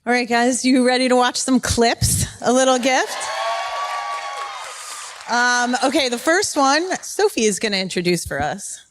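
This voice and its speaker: A woman's voice: on the high side, a little slow, a little hiss or hum. A woman moderating a panel, asking questions in an upbeat, teasing way with frequent giggles.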